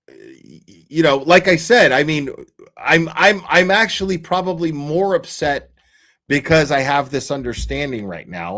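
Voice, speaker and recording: A profane, emotional man commenting on a livestream. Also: a little high. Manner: animated, profane, emotional and rambling, with restarts. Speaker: livestream host reading case documents.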